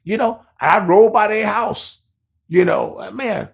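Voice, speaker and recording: A man tells a story to camera in a loose, rambling way, peppering it with slang and loudly acting out other people's lines. His voice is gravelly and sits a little high for a man. The recording sounds dull and lo-fi. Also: lively intonation, unhurried. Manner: rambling, laid-back, heavy slang, acts out quotes loudly.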